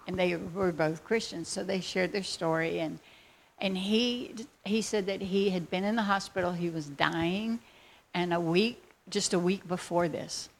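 A woman tells a personal faith story in a lively, excitable way. Her voice sits at a middle pitch and has a gravelly, vocal-fry edge. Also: slight background noise. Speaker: speaker sharing a faith testimony. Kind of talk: storytelling testimony.

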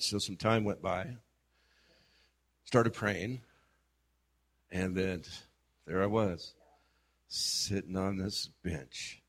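Husky man telling an animated story. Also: low voice, drawn-out words, pauses often. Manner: animated storytelling, acts out quoted exchanges, trails off softly. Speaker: guest sharing a prayer experience. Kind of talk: casual testimony.

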